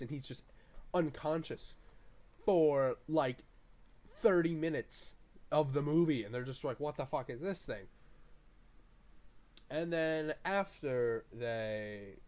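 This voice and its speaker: A man talking through a film review in a loose, unscripted ramble. He swears freely and his voice jumps up in excited bursts of praise before settling back down. His pitch sits in a middling range. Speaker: movie reviewer.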